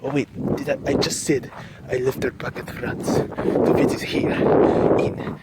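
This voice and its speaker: A man's voice: mid-range voice, little pitch movement, measured pace, heavy background noise, natural voice. A young man playing an eccentric, boastful French man in a comedy skit, rambling and swearing in a put-on French accent as he walks outdoors on ice. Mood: goofy. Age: young adult. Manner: goofy, rambling, swearing, self-narrating. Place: outdoors on icy ground.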